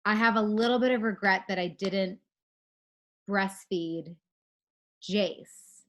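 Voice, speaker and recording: A woman's voice: medium pitch, slow pace, fairly bright tone. Chatty woman on a video call. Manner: chatty, many filler words. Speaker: co-host of an online moms' meet-up. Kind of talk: casual chat, storytelling.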